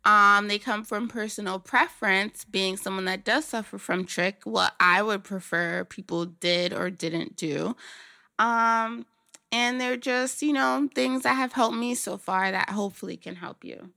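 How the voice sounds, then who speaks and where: A woman hosts her own podcast in a loose, chatty way, speaking frankly and letting the odd swear word slip. Her voice is bright and forward. The recording is dry and close. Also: medium pitch, unhurried, vocal fry, dry recording. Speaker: podcast host. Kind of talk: casual solo podcast talk.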